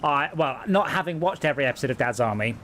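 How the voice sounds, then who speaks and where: A man trading dry, wry remarks while playing a game on a livestream. His voice sits a touch on the higher side. There is a faint hiss behind him. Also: animated, fast, fairly bright tone. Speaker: stream co-host. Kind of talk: casual gaming chat. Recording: faint background noise.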